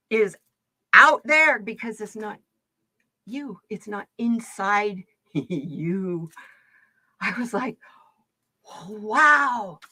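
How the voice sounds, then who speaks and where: A middle-aged woman from the United States chatting casually with her stream viewers, telling animated stories and laughing often. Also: mid-range voice, no room sound. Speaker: livestream card reader host. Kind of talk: casual storytelling chat.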